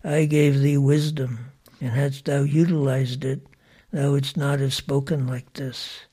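A man reading out the solemn, measured words of God in a slow, flat, husky voice. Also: mid-range voice. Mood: grave. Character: grave, calm divine voice.

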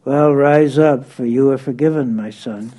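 A man's voice: mid-range voice, a little slow, close to an everyday voice, poor audio. A man reading aloud, voicing a revered spiritual master who speaks kindly but firmly. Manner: kindly, gently firm. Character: revered older male spiritual master, gentle and patient.

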